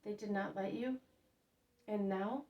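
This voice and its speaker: A woman voicing a calm, gentle male teacher who speaks serenely, in a storybook reading. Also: mid-range voice, a little slow, lo-fi sound, a little hiss or hum, natural voice. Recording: roomy echo, mic at a distance.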